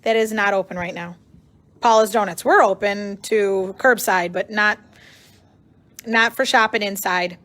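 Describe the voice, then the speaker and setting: A woman's voice: mid-range voice, fairly even intonation, measured pace, a bit bright. A woman co-hosting a live sewing stream in a shop, friendly and chatty, answering viewers. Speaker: co-host, shop representative.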